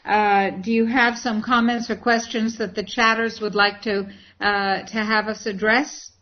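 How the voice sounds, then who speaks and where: A woman's voice: mid-range voice, level tone, unhurried, dull audio. A woman hosting a casual online talk show, effusive and elaborate in her phrasing. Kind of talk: casual chat.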